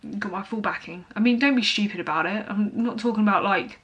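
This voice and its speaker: A woman's voice: mid-range voice, fast, fairly bright tone, lo-fi sound. A young woman talking casually to camera as a fitness vlogger, blunt and motivational, with lots of fillers.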